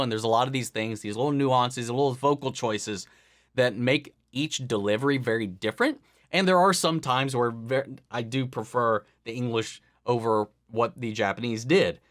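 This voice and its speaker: A man with a fairly low voice talks through his reaction to an episode in a loose, rambling way. He muses aloud, restarts his sentences and wonders about what comes next. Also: a bit bright. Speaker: anime reaction host. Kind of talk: casual reaction commentary.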